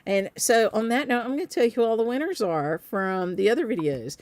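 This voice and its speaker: A woman's voice: a little high, lively intonation, a little fast, a little mellow, no room sound. A woman with a light Southern accent, a shop owner chatting casually on a live stream, upbeat, with lots of ums. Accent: Southern US, softened by travel. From Southern United States. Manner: chatty and upbeat, with frequent ums and little laughs.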